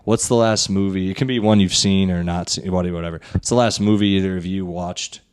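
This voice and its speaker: Low-voiced young man hosting a podcast. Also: fairly even intonation, fast talker, darkish tone, clean tone. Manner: loose and profane, retells scenes with put-on quotes. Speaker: podcast host. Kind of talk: casual podcast chat.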